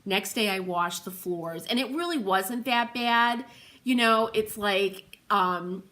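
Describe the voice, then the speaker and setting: A middle-aged woman chats on a livestream in a bright, clear voice. She rambles easily, laughs often, and talks straight to her viewers by name. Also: medium pitch, slow. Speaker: host of a furniture painting livestream. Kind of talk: chatty livestream talk to viewers.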